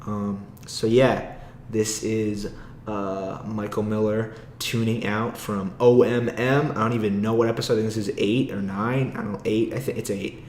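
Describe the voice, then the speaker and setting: A man's voice: on the low side, level tone, moderate pace, a little mellow, roomy sound, slight background noise. A young man hosting a casual solo podcast, rambling, swearing freely and laughing often. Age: young adult. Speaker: podcast host. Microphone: own podcast mic.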